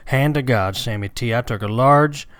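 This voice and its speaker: A man's voice: mid-range voice, normal speed, fairly bright tone, dry recording, studio quality, natural voice. A man putting on the voice of a drawling Elvis-style rock-and-roll king who spins absurd rambling tall tales, sprinkling "man" and "boy" everywhere. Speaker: comedy sketch performer.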